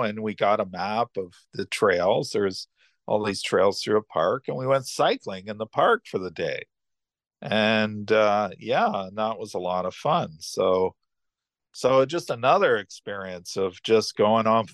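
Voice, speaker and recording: A man's voice: lowish voice, dry recording, clean studio sound. An older man, casually telling rambling personal travel stories as a podcast host, full of restarts and asides. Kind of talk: casual storytelling.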